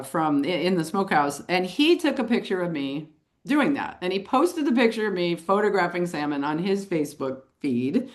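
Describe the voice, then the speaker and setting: Middle-aged woman, kinda low voice, chatty animated storyteller in an interview, chuckles a lot. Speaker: photographer and author, interview guest.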